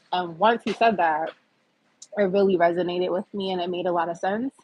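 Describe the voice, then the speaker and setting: A woman's voice: on the low side, fairly even intonation, fairly quick, a little mellow, poor audio. A woman in her fifties from the US East Coast, chatting candidly with viewers on a livestream and reading their comments aloud. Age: 50s. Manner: chatty, candid, laughs often. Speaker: livestream host. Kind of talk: casual live chat reading comments.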